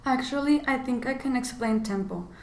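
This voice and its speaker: A woman's voice: high voice, moderate pace, darkish tone, roomy sound, a little hiss or hum. A woman student explaining from the textbook in a prepared class presentation. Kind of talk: reading a scripted class presentation.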